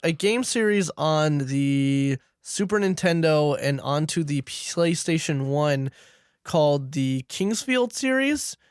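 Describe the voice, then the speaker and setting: A man co-hosting a gaming podcast, retelling a scene in casual, animated storytelling. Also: a little high, takes it slowly, smooth, dry recording, clean studio sound. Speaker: podcast co-host. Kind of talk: casual chat.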